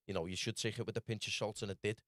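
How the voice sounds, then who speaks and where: A man with a Scouse accent telling his story rapidly in casual podcast chat, peppered with lad and bro. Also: lowish voice, fairly even intonation, a bit bright, no echo, studio quality. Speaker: podcast guest.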